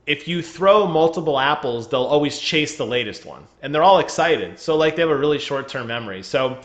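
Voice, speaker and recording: A man's voice: fairly high pitch, animated, fairly quick, dull audio. A man chatting casually on a gaming podcast over a remote call, joking and laughing often. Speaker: podcast co-host.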